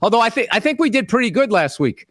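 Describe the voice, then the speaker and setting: A man's voice: very high-pitched, big pitch swings, fast, a bit bright. A middle-aged man hosting a podcast, telling an exasperated, profane comic story about his wife. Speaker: podcast host. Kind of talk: comedic storytelling rant.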